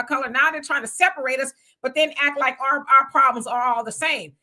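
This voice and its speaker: A woman hosting a live commentary stream with a high, bright voice. She talks loosely and conversationally, firing off emphatic rhetorical questions one after another. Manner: loose conversational street talk. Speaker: commentary host. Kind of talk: livestream commentary.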